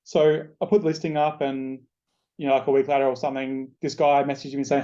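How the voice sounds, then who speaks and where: A man's voice: medium pitch, level tone, quick pace, mellow, dull audio. A man with an Australian accent hosting a podcast, telling a casual story with plenty of swearing. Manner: chatty, loose, swears freely. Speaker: podcast host.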